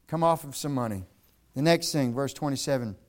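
A man's voice: medium pitch, fairly quick. A middle-aged man from Virginia, preaching a revival sermon in an earnest storytelling way. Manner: earnest storytelling with bursts of laughter. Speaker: pastor.

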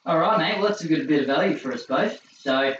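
Young Aussie racing podcast co-host, dry joker; dull, distant, echoey sound. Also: male voice, fairly high pitch, fairly quick, a bit bright, a little hiss or hum. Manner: laconic, joking banter. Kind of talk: casual tipping chat.

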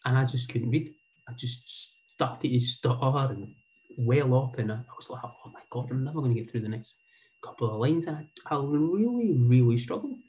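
A man's voice: medium pitch, lively intonation, moderate pace, dark tone, poor audio. A Scottish man in his forties telling a heartfelt personal story in a rambling, earnest way, often repeating words. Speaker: speaker sharing a personal story.

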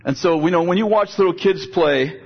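An older man gives a chatty sermon in a fairly high, husky voice. He circles back and repeats words as he builds his point. The recording sounds dull and lo-fi. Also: fairly quick. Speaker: preacher. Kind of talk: sermon with storytelling.

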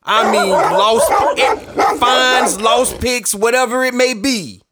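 Co-host dude fired up and scolding, fairly high voice, aave. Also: male voice, slow, pushed and bright. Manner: indignant, repetitive scolding. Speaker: podcast co-host. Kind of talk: sports talk rant.

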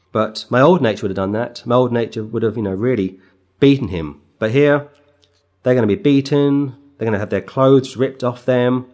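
Middle-aged man, street preacher; emphatic sermon delivery that rises to forceful bursts, mid-range voice. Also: medium pitch. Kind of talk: expository sermon on scripture.

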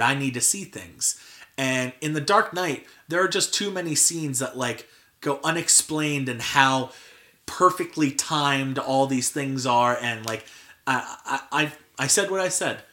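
A young man hosts a casual podcast at an ordinary middle pitch. His voice is bright and clear. He rambles loosely, peppering his talk with "like" and restarting his sentences. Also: lively intonation, normal speed. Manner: filler-heavy, frequent "like" and restarts. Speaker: podcast host. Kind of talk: casual chat.

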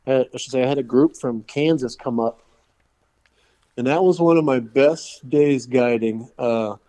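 Guest: a fishing guide spinning yarns, loose and chuckling, dry close sound. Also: male voice, mid-range voice, a little slow, dark tone, no echo. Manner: rambling, laughing, loose with fillers. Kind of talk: casual storytelling.

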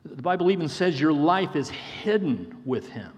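A man's voice: a little high, very animated, normal speed. A man preaching a sermon in an earnest way, often repeating a phrase for emphasis and calling his listeners friends. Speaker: pastor. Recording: long hall reverb.

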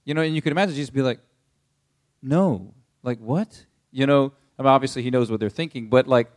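A man's voice: mid-range voice, rapid-fire. A young adult man pastor teaching a Bible passage in a casual, conversational way, paraphrasing with many fillers.

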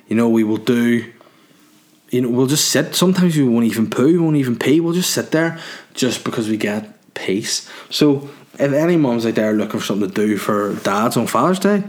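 Northern irish guy riffing on his own, rambly comic chat, average pitch. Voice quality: rambling, tangent-prone delivery. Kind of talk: comic monologue.

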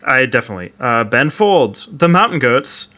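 A man's voice: medium pitch, big pitch swings, moderate pace, bright, forceful tone. A man co-hosting a casual podcast, talking in a dry, matter-of-fact way. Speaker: podcast co-host. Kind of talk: casual chat.

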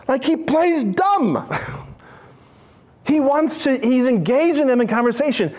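Guy preaching, high voice, playful and animated, does little character voices. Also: a little slow. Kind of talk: lively sermon with acted-out stories.

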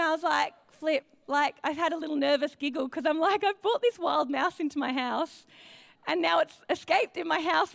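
An Australian woman in her thirties telling a personal story to a church congregation, acting out her own quoted thoughts with lively energy. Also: sits high, gravelly, no echo. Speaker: church speaker.

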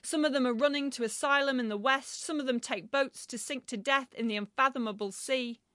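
High-voiced woman reciting poetry solemnly. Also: fairly quick, a bit bright, dry recording, studio quality. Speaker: translator reading poetry. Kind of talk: poetry reading.

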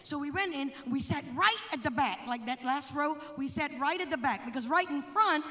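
Female preacher, very high voice, dramatic storyteller from hush to shout, long church reverb. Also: expressive, normal speed. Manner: dramatic, swings from hushed to shouting. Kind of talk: sermon with storytelling. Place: church sanctuary.

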